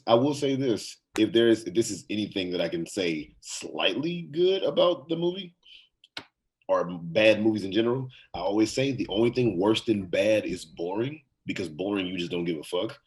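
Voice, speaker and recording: A man's voice: lowish voice, big pitch swings, normal speed, a little mellow, rough recording. A man guesting on a casual movie-review podcast, talking in a laid-back, wry way with casual swearing.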